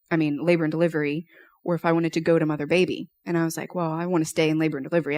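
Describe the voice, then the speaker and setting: A woman's voice: low voice, gravelly, no echo. A young woman giving a personal testimony at church, telling her story conversationally with lots of fillers.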